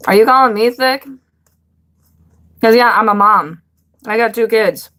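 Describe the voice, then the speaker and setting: A woman's voice: a little high, unhurried, a bit bright. A young woman hosting a casual live stream, chatting bluntly with viewers, swearing freely and laughing often.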